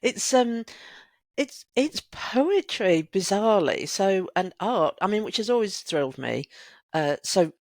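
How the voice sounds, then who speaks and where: A woman's voice: medium pitch, a little slow, no room sound. A woman in her sixties, a guest creative coach, talking reflectively and telling stories in a casual conversation. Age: 60s. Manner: reflective, animated storyteller.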